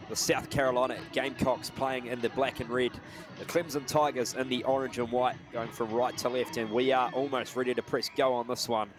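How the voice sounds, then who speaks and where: A man calling live rugby play-by-play, building to shouts on big plays. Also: mid-range voice. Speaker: play-by-play commentator.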